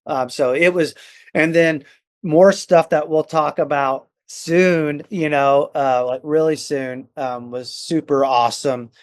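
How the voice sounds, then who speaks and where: A middle-aged man, a musician guest on a podcast, telling stories in an excited, rambling way full of fillers and restarts. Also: fairly high pitch, a little slow. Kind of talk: casual storytelling chat.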